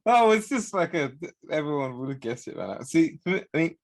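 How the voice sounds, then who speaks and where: A man's voice: a little high, very animated, moderate pace, creaky, dry recording. A man from Britain co-hosting a podcast, rambling with many fillers in casual chat. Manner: rambling, hesitant, full of fillers and restarts. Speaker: podcast co-host. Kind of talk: casual round-table chat.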